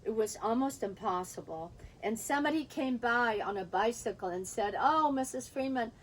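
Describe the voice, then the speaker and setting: An older woman telling a personal story from her childhood, pausing now and then to drink or clear her throat. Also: medium pitch, slight background noise, rough recording. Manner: pauses to drink and clear throat, recounting quoted dialogue.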